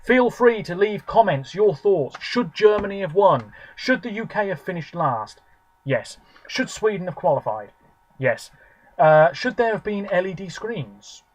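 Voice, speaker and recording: A man's voice: sits high, very animated, measured pace, rough recording. A man in his twenties, rambling chattily with lots of fillers as he reviews something on camera. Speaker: video reviewer. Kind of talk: casual solo review monologue.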